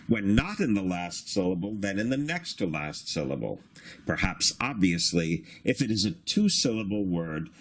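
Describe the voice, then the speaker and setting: A man teaching a beginner reading lesson in a patient, instructive way, sounding out syllables slowly. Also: sits low. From Australia. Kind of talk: slow recorded reading lesson.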